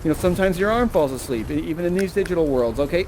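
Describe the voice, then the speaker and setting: Man, high voice, chatty theatre guide, animated, virtual reality headset mic. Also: very fast, a little hiss or hum. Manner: chatty, animated, tags lines with okay and right. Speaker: actor and guide of an interactive theatre show.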